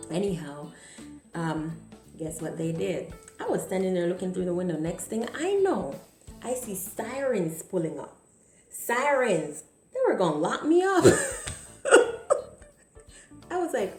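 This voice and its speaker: A woman vlogger telling a dramatic personal story in an animated way, often stammering. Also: mid-range voice, unhurried, long pauses. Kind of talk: storytime vlog. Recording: echoey room, faint music.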